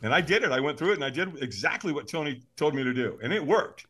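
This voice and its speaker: A podcast guest with a slightly high, husky voice tells a story fast and with animation. He's lively, acts out the voices of characters and laughs often.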